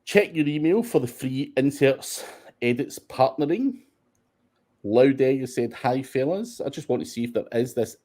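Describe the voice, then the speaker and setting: A man's voice: mid-range voice, expressive, normal speed, warm tone. A Scottish man hosting a casual question-and-answer session, talking bluntly with plenty of swearing and short laughs. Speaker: host of SEO Q&A. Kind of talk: casual livestream Q&A.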